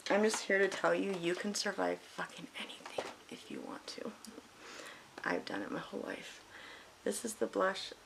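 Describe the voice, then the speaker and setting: A woman's voice: medium pitch, vocal fry. A middle-aged woman vlogging casually while doing her makeup, candid and emotional, swearing freely and rambling. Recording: faint hiss.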